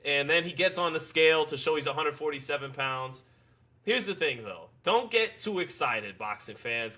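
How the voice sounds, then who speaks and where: A middle-aged man hosting a casual boxing talk show, rambling and opinionated. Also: mid-range voice. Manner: rambling, laughing, doing loud announcer impressions. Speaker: podcast host.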